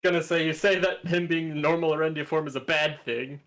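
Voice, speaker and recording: A man at a tabletop game, chiming in with quick banter. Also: a little high, steady tone, a bit bright. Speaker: player.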